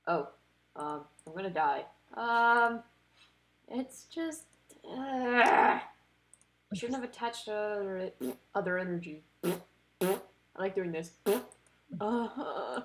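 A woman giving casual commentary while playing a card game, excitable, talking to the cards and groaning or cheering at each turn. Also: mid-range voice, slow pace, long pauses, a little hiss or hum. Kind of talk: casual let's-play commentary.

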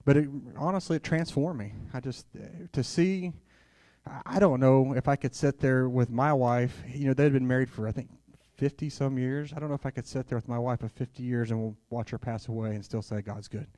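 A man's voice: medium pitch, steady tone, fairly quick, warm tone, no room sound. A man preaching a sermon at a church conference, telling stories in a candid, conversational way and sprinkling in "hallelujah.". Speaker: guest preacher.

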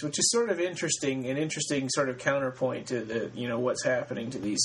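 A man co-hosting a podcast, retelling a story in relaxed casual talk with fillers. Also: mid-range voice, brisk, hardly any pauses, slight background noise, low-quality recording. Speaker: podcast co-host. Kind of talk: casual book discussion.

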